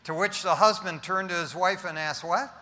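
A male pastor preaches a sermon, telling jokes and tossing playful asides to his congregation. His voice sits fairly high and rings very bright. A long reverb trails each phrase through the church hall. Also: normal speed, slight background noise.

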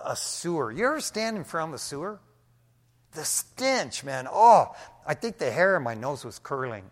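An older man preaching a sermon, telling a testimony in an animated, folksy way and often dropping "man" into his sentences. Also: fairly high pitch. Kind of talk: storytelling sermon. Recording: long hall reverb.

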